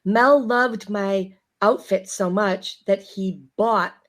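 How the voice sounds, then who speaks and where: A woman from Chicago, a guest actress telling stories in casual chat, animated and laughing as she acts out the people she quotes. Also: mid-range voice, slow. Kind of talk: casual storytelling.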